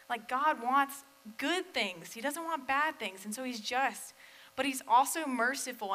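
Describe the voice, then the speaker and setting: A woman's voice: a little high, bright, forceful tone, poor audio. Chatty young woman giving a casual sermon. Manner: chatty, filler-heavy, self-deprecating asides.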